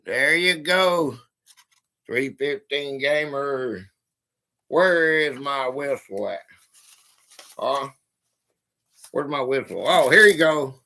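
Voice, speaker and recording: A man's voice: medium pitch, animated, slow pace, pauses often, sharp tone. A man hosting a casual live stream, chatting with viewers by name and reading out fortunes to them. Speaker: livestream host. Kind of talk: casual livestream chat.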